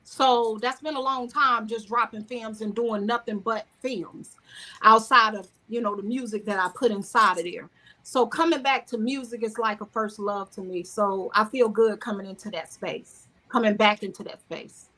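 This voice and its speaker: Her voice is a little high with a sharp tone, moving at a moderate pace. She's a Southern American woman, a screenwriter and singer, chatting loosely about her work as an interview guest. The conversation is casual, full of restarts, asides and "you know."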